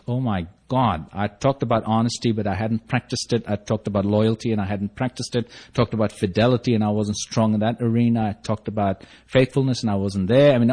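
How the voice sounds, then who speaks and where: A man's voice: mid-range voice, darkish tone. A middle-aged man giving a personal recovery testimony, telling his story earnestly and rising into fervent bursts. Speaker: recovery meeting speaker.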